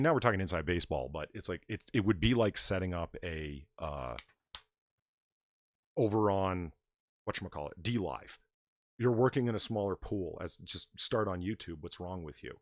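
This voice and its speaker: A man's voice: deep voice, no echo, studio quality. A man hosting a live stream, rambling casually and reading out donations. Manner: rambling, animated, reads donations aloud. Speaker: stream host. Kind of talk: casual livestream chat.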